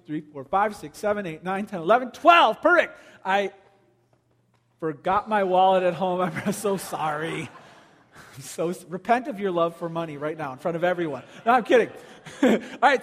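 A male pastor preaching a sermon, animated and storytelling, joking with the congregation. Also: high-pitched. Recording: long hall reverb.

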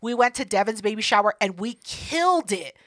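A woman co-hosting a podcast, telling a story in casual chat, profane and animated, acting out what people said. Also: mid-range voice, a little fast, no room sound, studio quality. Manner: profane, animated, acts out quotes. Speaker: podcast co-host.

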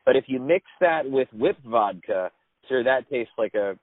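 A man of middle pitch talks haltingly and stops often to find his words. The sound is dry and narrow, like a phone call. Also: lively intonation, no room sound. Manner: halting, hesitant, with fillers. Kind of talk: casual chat. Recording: dry, tinny phone-like line.

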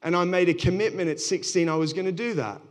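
A man's voice: high voice, fast. A man, a pastor, giving a sermon in a candid, self-deprecating storytelling way.

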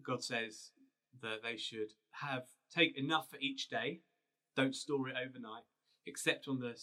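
With a mid-range, sharp-toned voice, a pastor tells a Bible story as a casual, conversational sermon, storytelling with restarts and fillers.

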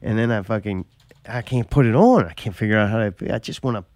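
A man's voice: fairly low pitch, fast, a little mellow, no echo. A man chatting casually, telling long profane stories that build into exasperated rants. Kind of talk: casual chat.

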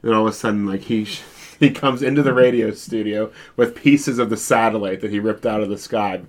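Male co-host, low voice, easygoing, mostly backs up the host. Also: brisk. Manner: mostly short agreeing replies, relaxed. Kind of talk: casual chat.

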